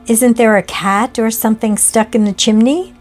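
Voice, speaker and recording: A woman's voice: fairly high pitch, steady tone, moderate pace, faint music behind, natural voice. A woman reading aloud, voicing a nervous but eager male guest at an inn. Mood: uneasy.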